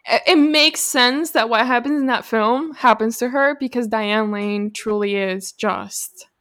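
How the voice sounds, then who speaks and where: A playful woman with a high voice hosts a film podcast, her talk loose and full of slang. The recording is dry and close, with no room sound around her. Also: measured pace, a bit bright, no echo. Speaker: podcast host. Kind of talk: casual film chat.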